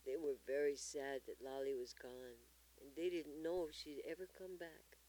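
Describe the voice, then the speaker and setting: A storyteller reading a children's story aloud in an expressive manner. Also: medium pitch, normal speed, poor audio.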